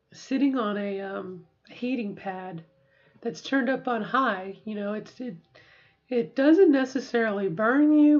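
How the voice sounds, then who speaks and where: A middle-aged woman vlogs casually to the camera, reflective and halting, practicing slow, deliberate speech while sore after a treatment. Her voice is medium-pitched with a darkish tone, and the sound is lo-fi.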